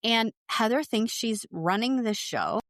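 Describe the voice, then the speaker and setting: A woman's voice: fairly high pitch, sing-song, a little slow, a bit bright, dry recording, studio quality. A woman co-hosting a podcast, speaking bluntly in a casual chat about reality TV and swearing freely. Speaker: podcast co-host.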